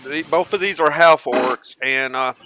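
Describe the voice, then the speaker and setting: A young man narrating a tabletop game as game master, slow and halting with fillers. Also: fairly high pitch, bright, forceful tone, no room sound, poor audio.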